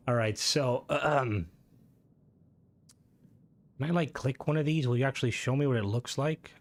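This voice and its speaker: Irish man, young, game streamer, rambling, swears a lot, reads chat, middling pitch. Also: moderate pace. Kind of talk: casual live-stream chat.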